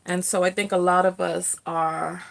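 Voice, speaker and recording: A woman's voice: lowish voice, little pitch movement, moderate pace, gravelly. A middle-aged woman hosting a casual livestream, reading out viewer comments in a chatty way with lots of fillers and restarts. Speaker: livestream host, self-love coach.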